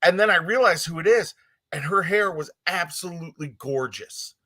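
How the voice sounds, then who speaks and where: A man co-hosting a beauty podcast, retelling an event in a quick, casual way. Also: a little high, sharp tone. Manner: quick retelling, reads listener comments. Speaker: podcast co-host. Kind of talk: casual storytelling chat.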